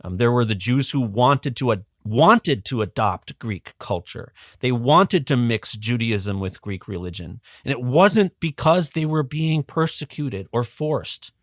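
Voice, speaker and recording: A man's voice: mid-range voice, animated, unhurried, hardly any pauses, fairly bright tone, dry recording. Male guest educator, mid voice, chatty explainer, dry close sound. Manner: conversational, many ums and restarts. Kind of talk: casual explanatory history talk.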